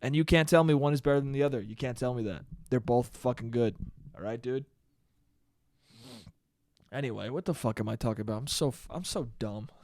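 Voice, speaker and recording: A man's voice: medium pitch, brisk, long pauses, a little mellow, dry recording. An American man hosting a solo podcast, ranting in a sarcastic, profane, exasperated way. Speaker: podcast host. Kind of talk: solo comedic rant.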